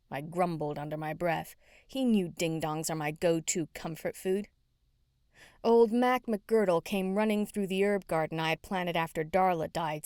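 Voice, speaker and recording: Woman reading an audiobook, wry and chatty, lowish voice, dry close sound. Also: a little mellow, dry recording. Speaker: audiobook narrator. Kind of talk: scripted first-person narration.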